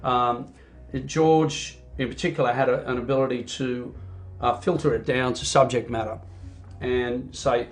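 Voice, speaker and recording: Animated Australian man telling stories. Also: mid-range voice, measured pace, soft background music. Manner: animated storyteller, frequent "you know" fillers. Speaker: singer and band frontman. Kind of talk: casual interview chat.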